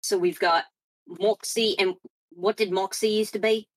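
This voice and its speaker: A woman's voice: medium pitch, steady tone, unhurried, dry recording. A woman player at a tabletop game, casually recapping everyone's characters.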